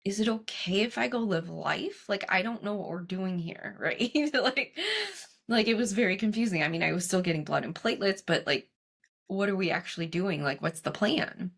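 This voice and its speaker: A woman guest in a casual interview, telling her story animatedly and acting out her own past dialogue with lots of quick "like" asides. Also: on the low side, fairly bright tone. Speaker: guest, cancer coach.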